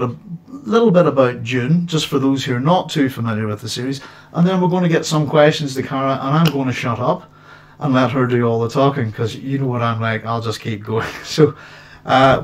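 Male host, casual, meandering chat from his home setup. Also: mid-range voice. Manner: rambling, many restarts and fillers.

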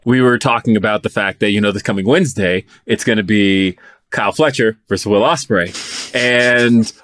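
A man hosts an interview, his low voice rambling eagerly through his questions. The sound is dry and close, with no room echo. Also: moderate pace, fairly bright tone. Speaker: podcast host.

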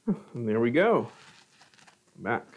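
Brief: middle-aged male cooking host, chatty, mid-pitched, tastes and comments on food on a live stream. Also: sing-song, takes it slowly, creaky, narrow, tinny audio, slight background noise. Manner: chatty, savoring food between remarks.

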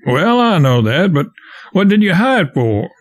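A man reading the part of a gruff raftsman boss who questions a stowaway in a blunt, commanding way. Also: high voice, sing-song, a little slow, pitched above the performer's own voice, exaggerated voice. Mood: stern. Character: gruff grown raftsman boss, stern but fair.

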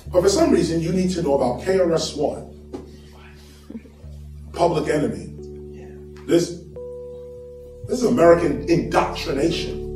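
Animated male lecturer in an echoey hall. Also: very high-pitched. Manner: animated, preaching, emphatic, chuckles between points. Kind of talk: public lecture to an audience. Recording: echoey hall from far off, faint music.

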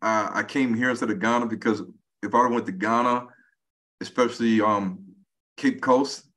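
He's an American podcast guest in his forties, talking casually at medium pitch and an even, moderate speed. When he tells a story, he gets animated and acts out what each person said.

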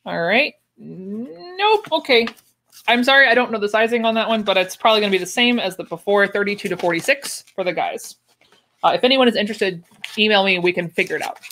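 A woman's voice: medium pitch, animated, a little fast, fairly bright tone, slight background noise. A young woman chatting casually on a livestream, with wry asides and easy laughs. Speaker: livestream host unboxing sewing patterns. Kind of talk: casual chat.

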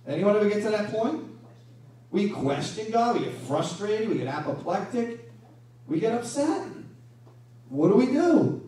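Male pastor, high voice, lively sermon delivery, distant mic in a very roomy hall. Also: a little slow. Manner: animated preaching with rhetorical questions. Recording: echoey room from a distance.

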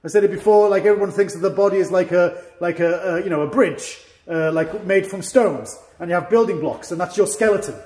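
A man's voice: sits high, a little fast, hardly any pauses, darkish tone. A man who is a karate instructor, explaining technique to his class in a chatty way with demonstrations and small self-mocking jokes. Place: training hall. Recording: echoey hall.

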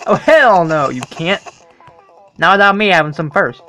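A gamer commenting casually while playing, excitable and swearing, with loud startled outbursts. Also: medium pitch, moderate pace, slight background noise. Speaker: let's play gamer.

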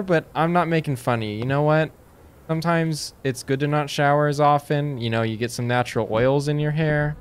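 A man playing a horror game and talking to his viewers. He reads the game text in a hushed voice, then breaks into sudden panicked yelps and nervous jokes. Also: on the high side, fairly quick, clean tone. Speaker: gaming streamer.

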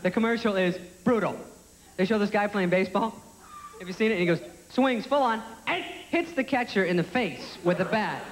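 A young man in his twenties doing a stand-up comedy set, sarcastic and self-deprecating. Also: normal speed. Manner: sarcastic, self-deprecating, jumps into high squeaky voices for characters. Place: theater stage before a live audience. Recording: live stage recording in a large hall with audience noise.

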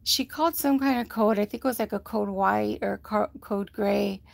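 Gravelly-voiced woman telling a health story. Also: mid-range voice, normal speed, no echo. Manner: rambling, quoting others, frequent fillers. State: short of breath. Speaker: vlogger giving a health update on a livestream. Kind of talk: casual storytelling to viewers. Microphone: phone.

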